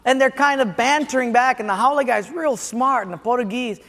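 A man's voice: extremely high pitch, fairly quick, creaky, a bit bright. A man preaching a sermon, earnest and storytelling. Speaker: pastor. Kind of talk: sermon with a joke. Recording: long hall reverb.

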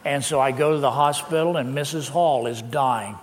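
Older pastor in a reverberant hall. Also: male voice, mid-range voice, normal speed. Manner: lively anecdotal telling, with laughs. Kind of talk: sermon storytelling.

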